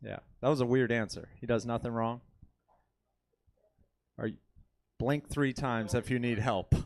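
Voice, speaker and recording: A man's voice: mid-range voice, unhurried, creaky, no echo. A man in his late thirties from Indiana telling a rambling, self-deprecating stand-up story on a comedy club stage. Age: 30s.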